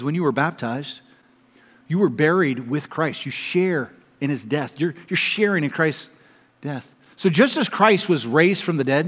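A man with a somewhat high voice preaches a sermon in a church auditorium. He is emphatic, rising to loud appeals and falling to soft, hushed pleas. Long reverb from the large hall trails his words. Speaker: pastor.

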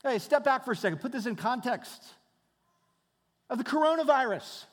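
A man's voice: very high voice, expressive, moderate pace. A man preaching a sermon as a pastor, talking conversationally, asking rhetorical questions and repeating his phrases. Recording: reverberant hall.

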